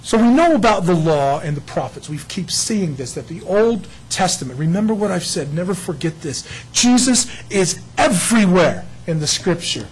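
A man preaching a sermon, emphatic and animated, often voicing God's words in quick asides. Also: sits high, breathy edge, rough recording. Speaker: pastor.

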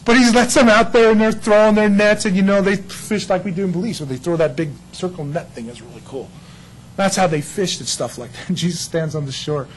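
A man's voice: high-pitched, brisk, a little hiss or hum, low-quality recording. A man preaching a casual, storytelling sermon who acts out quoted characters and laughs often.

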